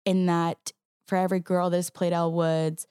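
A woman actress talking as a guest in a casual interview. Her voice sits a little low, and she tells her stories with animated energy and quick restarts. The sound is close and dry, with no room around it. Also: clean tone, dry recording.

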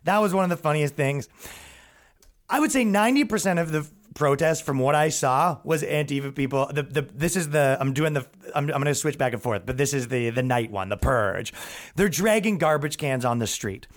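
A young man hosts a podcast, rambling through a comedic storytelling monologue in a somewhat high, expressive voice at a brisk pace. He laughs, restarts frequently and acts out quotes.

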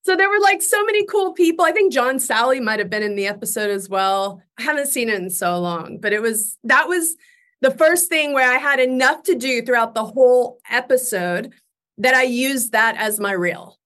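A young woman chatting as an interview guest, telling animated stories and laughing often. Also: sits high, normal speed. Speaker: guest actress. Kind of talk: casual interview chat.

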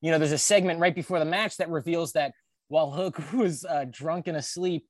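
A man's voice: fairly high pitch, fairly even intonation, fairly quick, dry recording. A man co-hosting a podcast in casual chat, rambling through a crude, profane story and often cracking up laughing. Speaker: podcast co-host.

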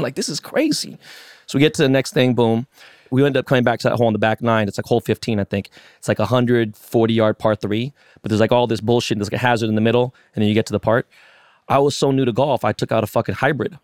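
A man's voice: medium pitch, fast, dry recording, clean studio sound. A man co-hosting a podcast, telling a story casually with lots of swearing and acted-out quotes. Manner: animated, profane, acts out quotes. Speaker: podcast co-host.

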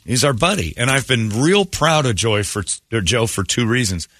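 A man's voice: mid-range voice, animated, normal speed, fairly bright tone, slight background noise. A man hosting a morning radio show, rambling through blunt, opinionated stories in casual chat from a studio mic.

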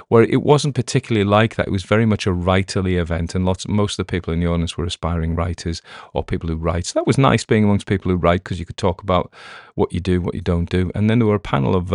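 Low-voiced man chatting casually. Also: a little mellow, no echo, clean studio sound. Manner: rambling, self-correcting, chatty. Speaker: podcast host. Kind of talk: casual chat.

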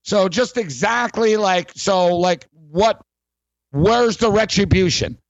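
A man's voice: sits high, slow, no echo, muffled recording. A man hosting a sports talk radio show, ranting in a rambling, sarcastic way with many fillers.

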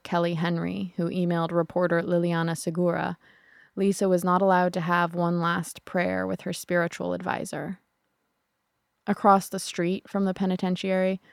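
A woman narrating a true crime podcast in a somber, measured way. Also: on the low side, creaky, a little mellow, dry recording, studio quality.

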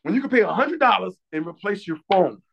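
A man's voice: high voice, lively intonation, fairly quick, creaky, breathy edge, dull audio. A man co-hosting a podcast, telling a story in casual, profane chat and acting out other people's lines with lots of energy. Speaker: podcast co-host.

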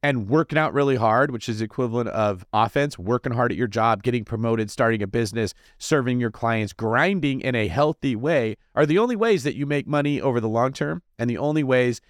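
A man hosting a real estate podcast, talking in an animated, jokey and energetic way, answering listener comments. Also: mid-range voice, a little fast, hardly any pauses, no room sound, studio quality. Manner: animated, jokey, fidgety delivery. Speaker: podcast host. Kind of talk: energetic casual monologue.

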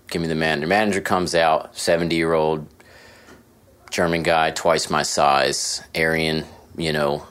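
A man's voice: low-pitched, a bit bright. A man hosting his own show, rambling through a casual, profane, self-deprecating monologue from a hotel room. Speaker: podcast host.

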